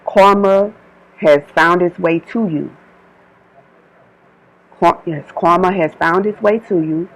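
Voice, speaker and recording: A woman's voice: on the low side, slow pace, pauses often, low-quality recording. A woman delivering an informal channeled spiritual message, emphatic and repetitive, switching between her own words and quoted divine warnings.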